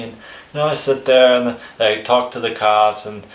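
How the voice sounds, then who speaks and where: Rambling low-voiced man in an echoey room. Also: fairly even intonation, brisk. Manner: rambling, chuckles between phrases, swears freely. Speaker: vlogger telling his life story. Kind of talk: casual storytelling. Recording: roomy echo.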